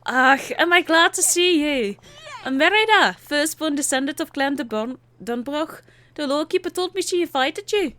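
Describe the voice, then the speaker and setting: A woman's voice: high voice, expressive, normal speed, sharp tone. A woman voicing a spirited young Scottish princess with an exaggerated put-on Scottish accent, reading game dialogue aloud. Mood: excited.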